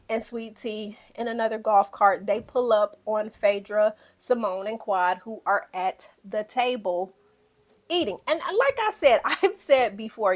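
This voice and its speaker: A woman giving a casual, blunt and profane recap of a reality show, acting out what people said. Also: fairly high pitch. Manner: animated, blunt and profane, acts out quotes.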